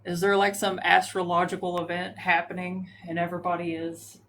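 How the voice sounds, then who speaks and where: A woman's voice: on the low side, level tone, a little fast, a bit bright, slight background noise. Chatty woman hosting a live stream. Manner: chatty, laughs often. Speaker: host.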